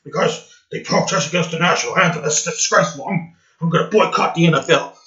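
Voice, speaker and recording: A man's voice: fairly high pitch, quick pace, sharp tone, far from the mic. A man voicing an indignant flag-waving conservative man who blusters and stammers in outrage. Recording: dull, roomy, off-mic sound.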